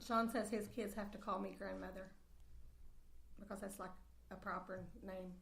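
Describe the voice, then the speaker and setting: A woman chiming in on a casual podcast chat, playful and quick to laugh. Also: mid-range voice, flat delivery, vocal fry, a bit bright. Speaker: podcast guest.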